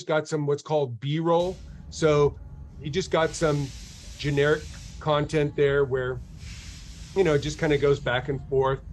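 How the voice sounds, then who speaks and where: A man's voice: a little high, darkish tone, a little hiss or hum. A man hosting a dental marketing webinar in a casual, chatty way, often repeating himself and acting out quotes.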